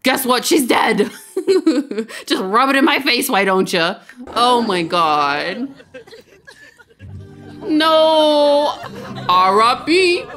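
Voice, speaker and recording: A woman hosting a let's play, giving casual, excitable game commentary and laughing often. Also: a little high, very slow, long pauses, faint music behind.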